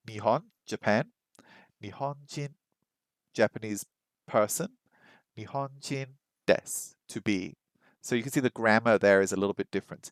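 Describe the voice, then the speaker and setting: A man's voice: lowish voice, steady tone, normal speed, no echo. A man from Britain casually talking through his language-learning practice, chatty and self-deprecating with plenty of ums and uhs.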